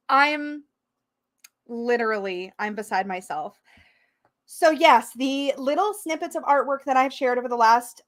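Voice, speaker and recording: A woman hosting a livestream, her voice high and bright. She talks with excited emotion, tearful and laughing as she goes. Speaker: tarot channel host. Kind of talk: livestream chat.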